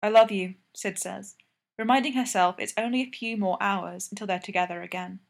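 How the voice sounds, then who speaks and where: A woman narrating a fan story aloud in a steady, even way. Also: mid-range voice, brisk, vocal fry. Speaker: fanfiction reader.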